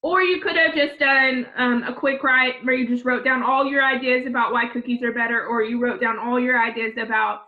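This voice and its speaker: A woman's voice: a little high, fairly even intonation, moderate pace, hardly any pauses, phone-quality sound. A woman teacher giving remote class instructions to children, patiently repeating each step.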